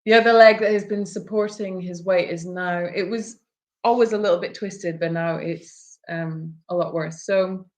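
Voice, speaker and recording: A woman's voice: fairly low pitch, fairly even intonation, moderate pace. A woman co-hosting a sanctuary livestream, explaining an animal's treatment in a plain, practical way. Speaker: animal care co-host. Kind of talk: casual livestream chat.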